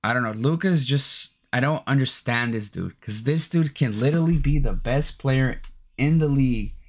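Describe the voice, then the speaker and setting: A man's voice: mid-range voice, normal speed. A man hosting a sports podcast, ranting casually and profanely with incredulous outbursts. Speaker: podcast host.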